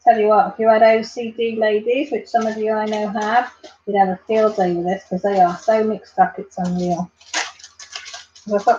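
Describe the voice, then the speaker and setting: A Welsh vlogger streams live from home, chatting warmly and rambling on while naming her viewers as she talks to them. Her mid-range voice keeps a level tone at normal speed; the sound is lo-fi with a little hiss or hum.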